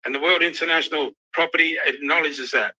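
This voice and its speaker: A man's voice: fairly high pitch, fairly even intonation, fast, bright, forceful tone. Furious swearing Australian man. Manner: furious, swearing constantly, emotional. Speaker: youth worker ranting on a livestream. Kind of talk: angry livestream rant. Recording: dull lo-fi livestream audio.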